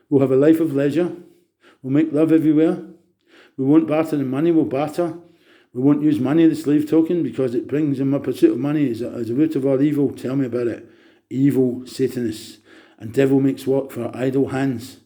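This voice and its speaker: A man's voice: mid-range voice, mellow. A man, talking in a rambling, manic monologue that jumps between topics and turns preachy. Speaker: vlogger.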